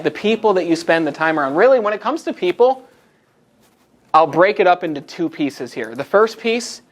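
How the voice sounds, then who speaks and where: An upbeat American man presents to a room full of people, bright and engaging. His voice sits a little high for a man, and he shifts easily between chatty asides and direct questions to the crowd. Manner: energetic, conversational, invites the audience. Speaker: motivational speaker. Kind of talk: live presentation to a group. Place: meeting room with a live audience.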